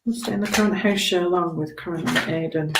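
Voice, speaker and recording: A woman's voice: on the low side, fast, vocal fry, reverberant, very noisy. A woman giving chatty, reassuring tarot readings on a live stream, often checking in with okay. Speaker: tarot reader.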